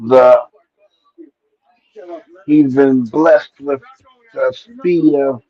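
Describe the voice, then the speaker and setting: A man's voice: medium pitch, fairly even intonation, very slow, dry recording. A middle-aged man hosting a stream, retelling old stories in a rambling, casual way and often checking in with "right?" and "you know". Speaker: stream host. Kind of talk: casual nostalgic storytelling. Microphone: streaming mic. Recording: dull lo-fi stream audio.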